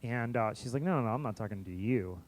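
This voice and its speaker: A man, a missionary preacher, telling a long story in a sermon, often repeating words and restarting, lively when he quotes others. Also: medium pitch, quick pace. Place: church sanctuary.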